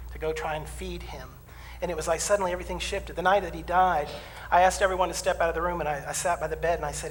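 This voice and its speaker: Animated middle-aged minister in a reverberant church. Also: male voice, a little high. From southern United States. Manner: conversational and animated, swinging from loud declarations to hushed asides; acts out congregants' complaints in quoted voices. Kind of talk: sermon. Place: church sanctuary. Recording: long hall reverb, faint room noise.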